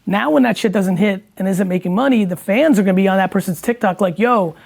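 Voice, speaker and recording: A man's voice: high-pitched, fast, creaky, darkish tone. A man in casual conversation, talking bluntly and emphatically with lots of swearing. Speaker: guest entrepreneur.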